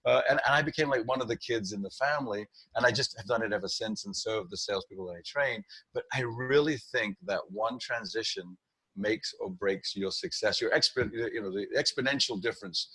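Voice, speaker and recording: A middle-aged man with a low, husky voice, coaching as a guest on a podcast. He talks in an animated way, often restarts his sentences and acts out what clients say. The sound is dry and close. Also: fairly quick, no room sound. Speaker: sales trainer guest. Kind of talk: podcast interview.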